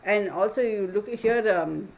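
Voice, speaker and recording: Speaking slowly with vocal fry, this Texan tarot host has a mid-range, darkish voice and shares strong opinions in a relaxed way, addressing her audience as y'all. The audio is poor, captured in a room at home where a neighbor's dog barks through the open window.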